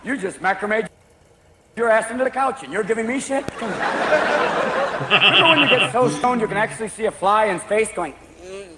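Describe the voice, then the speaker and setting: A man's voice: sits high, lively intonation, normal speed, pauses often. A man doing a manic stand-up routine, jumping between voices. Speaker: stand-up comedian. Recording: echoey stage recording, loud crowd laughter and noise.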